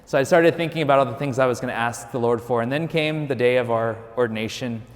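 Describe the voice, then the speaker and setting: Male priest, mid-range voice, casual storyteller with dry humor, booming church reverb. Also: fast. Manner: conversational, lightly joking storytelling. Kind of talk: sermon.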